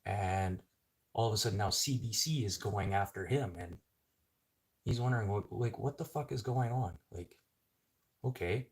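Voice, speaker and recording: A man's voice: fairly low pitch, moderate pace, long pauses. A middle-aged man from Canada in a casual ranting monologue, blunt and swearing, rising to sudden outbursts. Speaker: vlogger.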